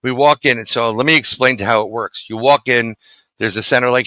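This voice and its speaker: A man's voice: mid-range voice, fairly even intonation, fairly quick, sharp tone, no room sound, low-quality recording. A middle-aged man from New City, telling a story as a guest in a casual interview and acting out the dialogue. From New York City.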